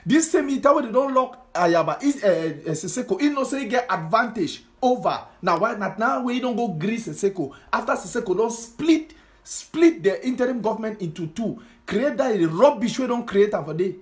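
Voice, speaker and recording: Man, Cameroonian Pidgin English accent, very high pitch, impassioned online rant, scolding, repetitive. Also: animated, normal speed. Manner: scolding, repetitive rhetorical questions. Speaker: political commentator. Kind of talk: impassioned social media monologue.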